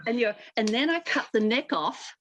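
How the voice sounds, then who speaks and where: A woman's voice: fairly high pitch, lively intonation, brisk, a bit bright, slight background noise. An older woman, a costume designer, telling anecdotes as a guest in a casual interview over a video call, chatty with many restarts.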